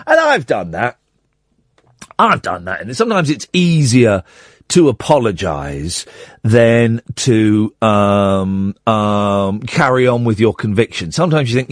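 On a studio mic with no room sound, this male late-night phone-in radio host talks in a medium-pitched, sing-song, unhurried voice. His chat wanders and he keeps interrupting himself.

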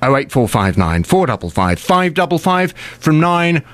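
A man's voice: a little high, very animated, moderate pace, fairly bright tone, no echo. A man presenting a radio phone-in, bantering on air from a studio microphone in a teasing, mock-indignant way.

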